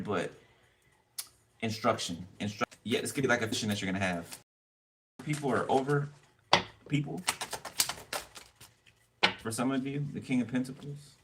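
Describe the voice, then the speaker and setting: Male tarot reader, rambling and profane, distant mic with steady noise. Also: lowish voice. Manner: rambling, blunt, swears freely. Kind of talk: casual tarot reading.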